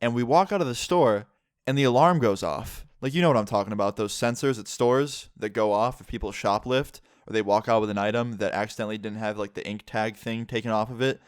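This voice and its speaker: A man's voice: lowish voice, brisk, clear, resonant tone, no room sound, clean studio sound. Candid, swearing man telling a story. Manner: candid, swears freely, lots of "like"; animated retelling, voices the other people in the story. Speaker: vlogger telling a personal story. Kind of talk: casual storytime vlog.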